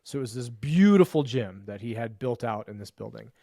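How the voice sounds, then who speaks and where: A man telling a personal story as a podcast guest and men's coach, emphatic and profane, piling up quick lists. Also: medium pitch, expressive, dark tone, no room sound, clean studio sound. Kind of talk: animated storytelling in conversation.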